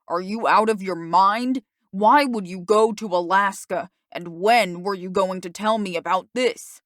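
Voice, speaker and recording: An angry, sarcastic father who snaps loudly at his daughter, read by a woman narrating an audiobook. His lines come out forceful and stern, in a dry, close recording with a middle-pitched voice. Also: measured pace, no echo, natural voice. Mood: furious. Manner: loud, snapping, sarcastic. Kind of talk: audiobook character reading.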